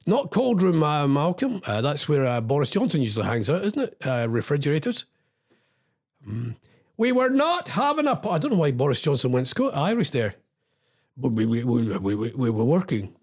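A man's voice: medium pitch, big pitch swings, moderate pace, darkish tone, breathy edge. A Scottish man hosting a casual live-stream quiz as a radio DJ, teasing his listeners as he reads out their comments. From Scotland.

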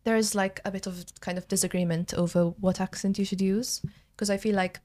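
This young adult woman from Malta speaks with a Maltese accent, her medium-pitched voice steady, fairly quick, and darkish in tone. She's a drama school student appearing as a podcast guest, chatting casually and leaning on lots of fillers.

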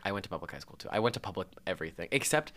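A man's voice: deep voice, animated, rapid-fire, fairly bright tone. A young man from Minnesota co-hosting a podcast, chatting casually and teasing his co-host. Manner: teasing, joking. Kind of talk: casual chat.

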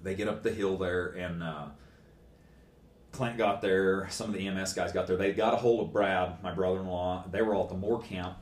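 A man's voice: deep voice, steady tone, normal speed, roomy sound. A man telling a long story in casual speech, plainspoken and rambling, with folksy phrasing.

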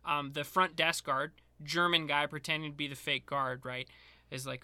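Bright-voiced man retelling a movie. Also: a little high, brisk, dry recording. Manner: animated storyteller, acts out movie lines. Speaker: podcast co-host. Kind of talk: casual movie recap chat.

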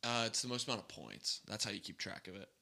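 A young man co-hosting a podcast, chatting casually in an animated, quick way with lots of fillers and laughs. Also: fairly low pitch, vocal fry. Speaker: podcast co-host. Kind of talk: casual chat.

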